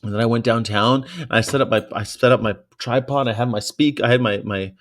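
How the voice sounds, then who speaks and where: A man's voice: medium pitch, brisk. Profane, rambling man telling stories. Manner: profane, rambling, excitable storytelling. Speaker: vegan activist vlogger. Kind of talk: casual rambling monologue.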